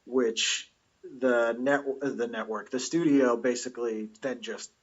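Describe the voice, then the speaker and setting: A husky man in his forties, a comedian guesting on a casual podcast, who explains things in detail. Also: mid-range voice, fairly even intonation, unhurried, lo-fi sound. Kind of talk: casual chat.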